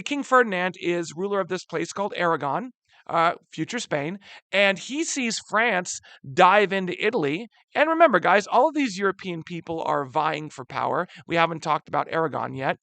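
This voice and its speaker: Lively high-voiced man teaching history. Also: no echo. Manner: animated, slangy, addresses students as guys. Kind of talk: casual classroom lecture.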